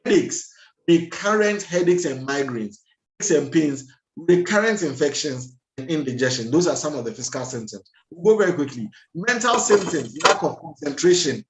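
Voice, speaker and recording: A man, a doctor giving a lively health lecture over a video call, laughing at himself and acting out everyday scenes. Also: fairly high pitch, normal speed, roomy sound, background noise.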